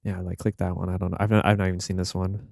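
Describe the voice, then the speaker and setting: A young man co-hosting a podcast, chatting casually with halting restarts and swearing. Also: sits low, little pitch movement, vocal fry, a little mellow, faint music behind. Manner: rambling, profane, halting restarts. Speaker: podcast co-host. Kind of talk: casual chat.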